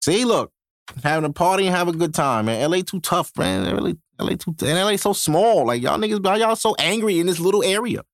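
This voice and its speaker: A man's voice: sits high, lively intonation, fairly quick, creaky, dry recording. Male podcast host, casual solo rant, heavy slang and cursing, dry close-mic sound. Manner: loose, profane street slang with frequent laughs. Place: home podcast setup in New York.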